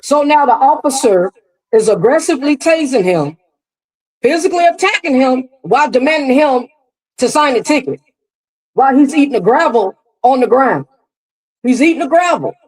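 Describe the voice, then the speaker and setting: A woman's voice: high-pitched, lively intonation, normal speed, a little mellow, low-quality recording. A woman hosting live reaction commentary, emphatic and repetitive, speaking straight to her viewers. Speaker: commentary host.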